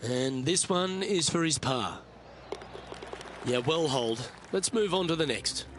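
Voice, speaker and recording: A man delivering measured, polished play-by-play golf commentary in a studio. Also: a little high, expressive, noisy background.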